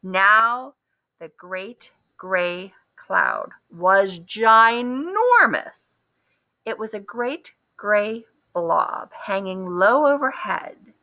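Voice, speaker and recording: A woman reading a children's picture book aloud, expressive and asking the listeners questions. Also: mid-range voice, drawn-out words. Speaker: storybook reader. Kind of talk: children's story read-aloud.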